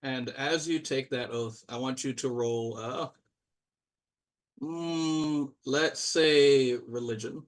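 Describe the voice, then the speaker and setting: A man runs a tabletop game, narrating in a loose, rambling way full of fillers and restarts. His voice sits at an ordinary middle pitch. He sounds slightly distant from the microphone. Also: takes it slowly. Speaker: game master.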